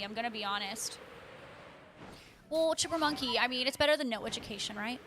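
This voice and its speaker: High-voiced chatty woman streamer. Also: a little fast, pauses often, a bit bright, a little hiss or hum. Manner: chatty, laughs often, answers chat by name. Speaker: livestream host. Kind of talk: casual chat with live viewers.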